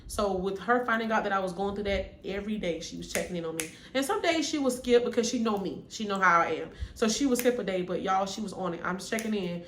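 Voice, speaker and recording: A woman's voice: medium pitch, fast talker, few pauses. A young adult woman, talking to camera in an earnest, casual story-time vlog and repeating phrases for emphasis. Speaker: vlogger. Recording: echoey room with faint background hum.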